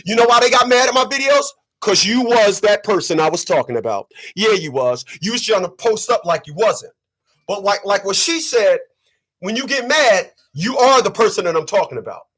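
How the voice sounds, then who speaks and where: A man's voice: high voice, expressive, moderate pace, fairly bright tone. A man delivering preachy, profane ranting commentary on his channel, repeating lines for effect. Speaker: vlogger.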